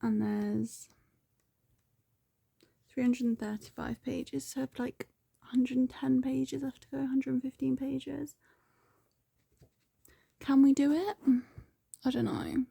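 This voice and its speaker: A woman book vlogger chats into her phone in a loose, rambling way, with lots of "like". Her voice is fairly high but mellow and a little husky, with a gravelly fry at the ends of phrases. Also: little pitch movement, unhurried, long pauses, no room sound. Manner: chatty and rambling, with frequent "like". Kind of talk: casual vlog chat.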